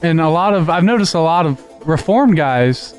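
A man's voice: fairly high pitch, animated, normal speed, a little mellow, soft background music. A man co-hosting a talk show, explaining news stories at length. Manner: explains news at length, reads quotes aloud. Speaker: co-host. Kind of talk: casual discussion.

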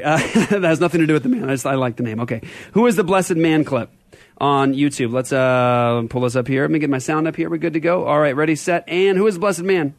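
A man's voice: a little high, fast talker, no room sound. A middle-aged man hosting a church podcast, chatting casually and rambling through appeals. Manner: rambling, restarting pleas for donations. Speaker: podcast host. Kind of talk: casual chat.

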